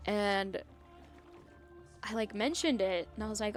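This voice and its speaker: A woman's voice: medium pitch, unhurried, faint music behind. A young woman streamer in her twenties chatting casually as she plays, venting and swearing, with lots of filler words. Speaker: gaming streamer. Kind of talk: casual chat while playing.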